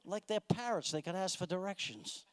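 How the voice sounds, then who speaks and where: A man's voice: sits high, animated, moderate pace, clean tone. Exasperated stand-up comedian, man. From United States. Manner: exasperated, mocking, acts out voices of people in his jokes. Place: comedy club stage with a live audience.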